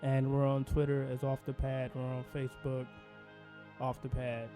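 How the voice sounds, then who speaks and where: A man's voice: medium pitch, monotone, normal speed, warm tone, faint music behind. Laid-back podcast co-host, man. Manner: laid-back, laughs easily. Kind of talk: casual chat.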